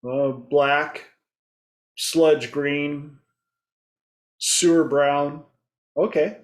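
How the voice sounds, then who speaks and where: A man's voice: a little high, steady tone, very slow. A man hosting a casual group discussion, telling stories and acting out his clients' voices. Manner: storytelling, acts out clients' voices. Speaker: host.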